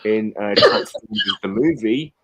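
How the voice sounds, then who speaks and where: A man's voice: on the low side, animated, measured pace, a bit bright. A man hosting a casual quiz chat, reading quotes aloud in an upbeat way. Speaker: quiz host.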